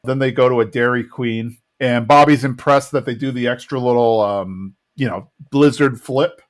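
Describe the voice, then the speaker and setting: A man co-hosting a podcast, casually retelling a cartoon episode in a chatty, rambling way, with fillers and quick quoted lines. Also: medium pitch. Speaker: podcast co-host.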